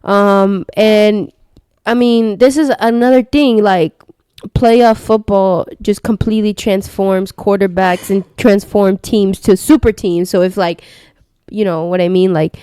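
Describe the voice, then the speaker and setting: Smooth-voiced young woman chatting sports. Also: medium pitch, steady tone, measured pace, mellow, dry recording. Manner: loose, slangy, lots of fillers. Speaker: podcast co-host. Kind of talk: casual sports chat.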